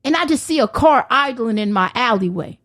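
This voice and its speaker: A young woman, a podcast guest, ranting in loud, brash, profane casual chat and laughing as she goes. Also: on the high side, expressive, fairly quick.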